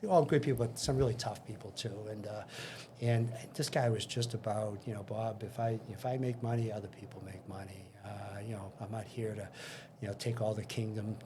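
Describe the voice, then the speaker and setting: Over a noisy background, an older interview guest talks a little fast in a steady, lowish voice. He tells career stories casually, acting out conversations, with frequent restarts.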